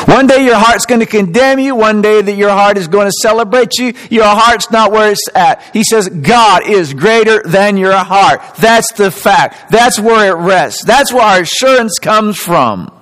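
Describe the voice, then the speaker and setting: Preacher guy, high voice bouncing all over, slows way down to hammer his points. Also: rough recording. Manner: animated preaching, emphatic and slowed on key phrases. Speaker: pastor. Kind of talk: sermon.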